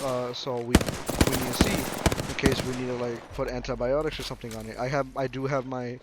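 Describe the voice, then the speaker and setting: A man's voice: medium pitch, fairly even intonation, moderate pace, heavy background noise. Rambling young man telling a story. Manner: rambling, full of fillers and restarts. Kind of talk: casual story time.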